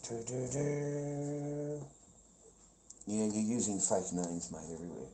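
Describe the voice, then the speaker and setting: A man's voice: fairly even intonation, takes it slowly, mellow, a little hiss or hum, rough recording. A man on a live stream, talking to his chat in a profane, confrontational way, calling everyone mate and brother. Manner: trails off into low mumbling. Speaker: livestreamer.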